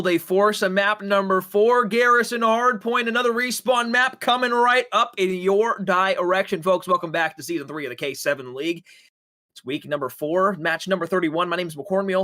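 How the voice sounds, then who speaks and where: A young man casting an esports match with hyped, jokey, drawn-out announcer delivery. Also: high voice, sharp tone. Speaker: esports caster. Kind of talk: play-by-play esports commentary.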